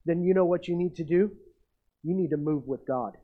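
Middle-aged male pastor, high voice, muffled lo-fi recording, self-mocking storyteller in a sermon. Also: brisk. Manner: storytelling, self-mocking, builds to emphatic peaks. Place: church. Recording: muffled lo-fi sound.

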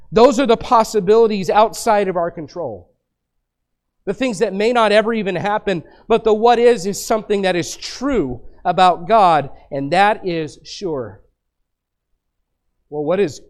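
A man's voice: high voice, a little mellow. A middle-aged male pastor preaching a sermon, asking and answering rhetorical questions with rising emphasis.

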